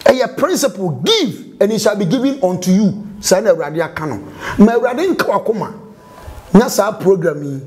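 Ghanaian guy hosting a worship show, high voice, praying in a chanty rhythm. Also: a little mellow. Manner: fervent, rhythmic, half-chanted delivery. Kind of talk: prayer and blessing with sung phrases.

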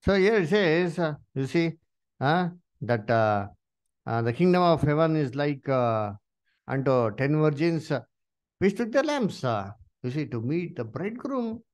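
A man teaching a Bible study, asking his listeners questions and filling pauses with "uh" and "you see.". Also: fairly high pitch, very animated.

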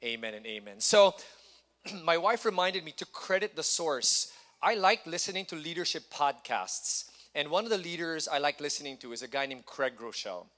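A middle-aged man delivers a church sermon. His voice is bright and slightly high. He keeps it conversational and talks directly with the congregation. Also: lively intonation, normal speed. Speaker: pastor. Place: church hall.

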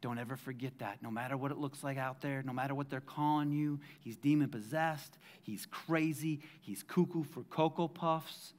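A pastor preaching a casual sermon in a church, moving from hushed, intimate lines to loud, shouted ones and joking with the crowd. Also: male voice, a little high. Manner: casual and jokey, calls the crowd guys. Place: church sanctuary.

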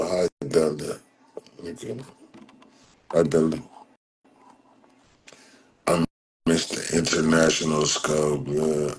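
A man's voice: a bass voice, flat delivery, slow, pauses often, breathy edge. A man hosting a livestream, reading his chat aloud and mocking the commenters in profane, slangy banter, often laughing. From Southern California. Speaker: livestream host reacting to chat.

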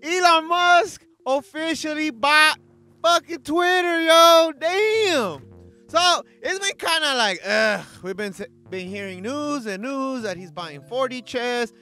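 A vlogger ranting in casual commentary, excitable and profane, full of slang and acted-out quotes. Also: high-pitched, takes it slowly, soft background music.

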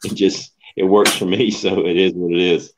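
A man's voice: low-pitched, flat delivery, moderate pace, noisy background. A man co-hosting a casual live stream, easygoing, often repeating and stammering. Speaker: co-host. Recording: dull lo-fi sound.

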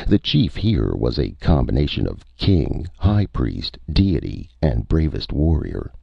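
A man reading a science fiction audiobook in a measured, expressive way. His voice is extremely deep and gravelly with a husky grain, lively in pitch. The recording is dry and dull, like lo-fi audio. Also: dry recording. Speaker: narrator. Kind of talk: audiobook narration.

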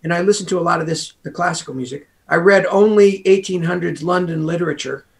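A man's voice: fairly high pitch, quick pace, creaky. An American man, a guest author, talking casually in an interview in a rambling way, full of asides. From United States.

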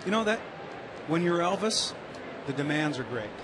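Man, baseball color commentator, easygoing, eating on air, slightly high voice, noisy audio. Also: sing-song, moderate pace. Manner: easygoing, eating while talking.

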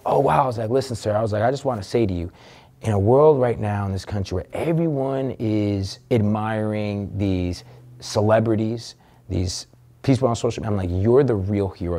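A man's voice: on the low side, dark tone. A man telling a candid personal story as an interview guest, earnest and emotional, swearing casually.

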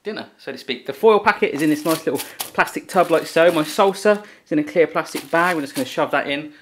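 A man's voice: on the high side, fast, a little hiss or hum. A man from from there, chatting casually and jokingly to his viewers in a cooking vlog. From southwest England. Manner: chatty and jokey, talks straight to viewers. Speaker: cooking vlogger. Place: kitchen, then outdoors on a windy coastal walk.

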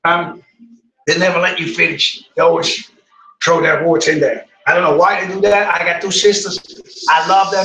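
A man's voice: fairly high pitch, steady tone, normal speed, sharp tone. Middle-aged male cooking host, chatty and rambling, recorded far off in an echoey room. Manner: chatty, rambling, addresses viewers as guys. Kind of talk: casual live cooking stream.

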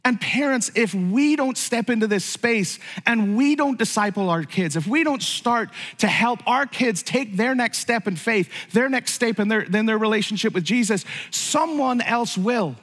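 In a church sanctuary full of long, hall-like reverb, a middle-aged pastor delivers a sermon that moves from conversational talk to fervent exclamations. His high-pitched voice, a bit bright, has lively intonation and normal speed with hardly any pauses.

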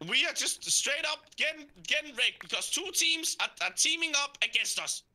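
A man's voice: very high voice, expressive, normal speed, sharp tone. A man chatting through a live game with friends, complaining in a whiny, melodramatic way. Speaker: gaming channel regular. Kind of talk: live gameplay chat with friends.

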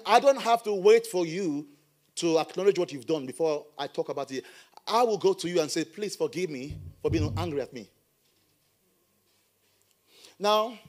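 A middle-aged man preaching a sermon as a pastor in church, animated with playful asides. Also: high voice.

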